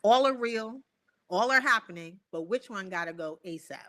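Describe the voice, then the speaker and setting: Woman podcast host, bright tone, playful, laughs a lot, hype interjections. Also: medium pitch, lively intonation, moderate pace. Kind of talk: casual interview chat.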